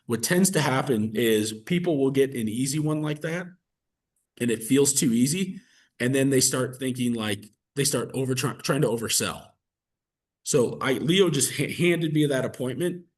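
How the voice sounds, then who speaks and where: Guy coaching sales scripts, a bit husky, chatty, keeps saying "right?". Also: medium pitch, normal speed. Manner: energetic, conversational, fillers like "like" and "right?". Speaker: real estate coach. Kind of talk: coaching session with role-play practice.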